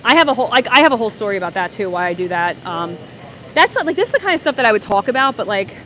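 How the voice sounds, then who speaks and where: A woman's voice: a little high, very animated, racing, fairly bright tone. A woman hosts a casual livestream, answering viewer comments and telling rambling stories full of fillers and restarts. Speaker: livestream host.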